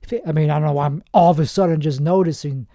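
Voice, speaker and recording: A man's voice: on the high side, fast talker, creaky, mellow, no room sound, clean studio sound. A man hosting a podcast in a rambling, self-mocking comedic monologue, trailing off and restarting his sentences. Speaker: podcast host. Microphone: podcast microphone.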